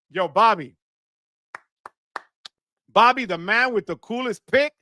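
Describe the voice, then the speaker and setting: Male live stream host, high and bright-toned, dry close sound, energetic shout-outs to viewers. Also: takes it slowly, pauses often, no room sound. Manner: enthusiastic, shouts "wepa" often.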